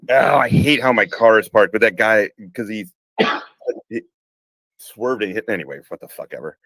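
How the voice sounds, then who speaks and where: A low-pitched man hosting a live stream and telling war stories in a loose, rambling way. He swears freely and often restarts his sentences. His voice sounds close and dry. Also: lively intonation, normal speed, a bit bright, no room sound, low-quality recording. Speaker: podcast host. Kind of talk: casual live-streamed conversation. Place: home room, car parked outside.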